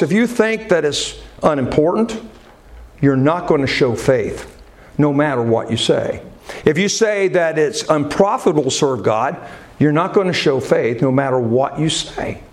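A man preaching a sermon to a congregation, asking questions and answering them himself. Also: on the high side. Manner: preaching with call-and-response questions. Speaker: pastor.

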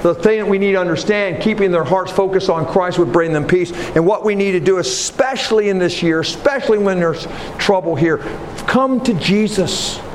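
A man preaching a sermon, moving from low earnest talk to loud rising exhortation. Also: fairly quick, hardly any pauses, a little hiss or hum. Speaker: pastor.

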